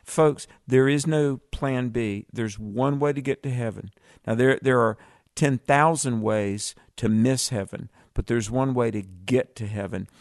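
A man's voice: mid-range voice, measured pace, dry recording, studio quality. A man co-hosting a radio Bible discussion, making earnest, preacherly appeals to listeners. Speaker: radio co-host.

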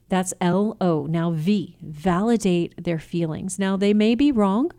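A woman's voice: medium pitch, lively intonation, measured pace, warm tone. A woman giving a faith-based teaching talk on family communication, earnest and coaching, acting out example phrases. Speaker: Christian family communication speaker.

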